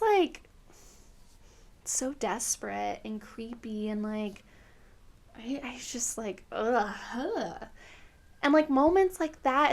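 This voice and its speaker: A woman hosts a casual podcast, recapping reality TV in loose, opinionated chat. Her voice sits slightly high with a gravelly fry running through it. She talks freely and leans on fillers as she goes. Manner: chatty, filler-heavy, opinionated. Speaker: podcast host.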